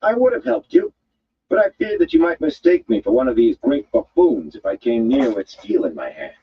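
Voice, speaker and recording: A man's voice: mid-range voice, wildly swooping pitch, moderate pace, creaky, slightly rough, dull audio, pitched above the performer's own voice, full character voice. A man voicing a fierce, scornful outcast woman who speaks in an odd formal way. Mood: tart. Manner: cutting, indignant, odd formal phrasing.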